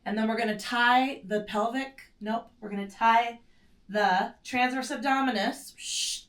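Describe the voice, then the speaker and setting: A woman's voice: on the high side, steady tone, measured pace, fairly bright tone, recorded from a distance. A woman teaching a mat pilates class in a casual, self-correcting way, breathing in short strained breaths as she does the moves herself. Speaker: pilates instructor. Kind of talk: guided exercise instruction. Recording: echoey room, set back from the mic.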